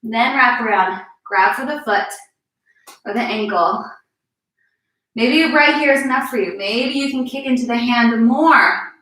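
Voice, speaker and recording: A woman's voice: fairly high pitch, unhurried, sharp tone. A young woman leading a live-streamed yoga class, encouraging and a little out of breath as she cues each move. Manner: encouraging, cueing moves while exercising. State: slightly out of breath. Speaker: fitness instructor. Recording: echoey room, distant mic.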